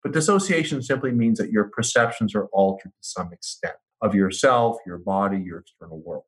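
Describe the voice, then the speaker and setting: A man as an interview guest, explaining in a measured, methodical way. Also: lowish voice. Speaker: psychiatrist guest.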